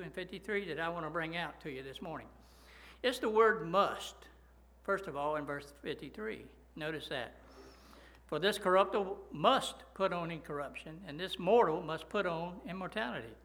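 A man's voice: high-pitched, pushed and bright. A male pastor preaching a sermon, reading scripture and checking in with the congregation with frequent "right?" asides. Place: church.

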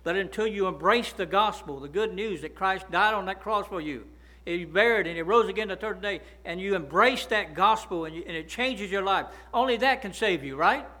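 A man's voice: high-pitched, moderate pace, sharp tone, rough recording. A man preaching a sermon as pastor, often prompting the congregation with "right?" and "amen?".

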